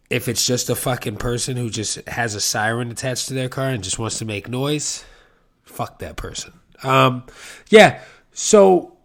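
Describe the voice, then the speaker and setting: A man from New City, hosting a casual solo podcast and telling rambling, profane stories from his apartment. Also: medium pitch. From New York City. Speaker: podcast host. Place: apartment room with a window to the street.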